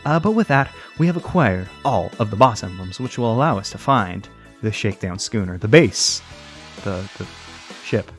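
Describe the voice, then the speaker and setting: A man's voice: on the low side, expressive, normal speed. Young male gameplay commentator, loose and chatty, trips over his own sentences, light music bed underneath. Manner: rambling, jokey, self-correcting. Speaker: let's play commentator.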